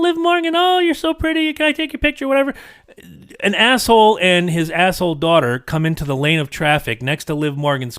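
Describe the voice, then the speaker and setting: A man's voice: fairly high pitch, dry recording, clean studio sound. A middle-aged man hosting a podcast, telling a rambling, profane story in casual chat, a little congested from allergies. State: coughing from seasonal allergies. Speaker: podcast host.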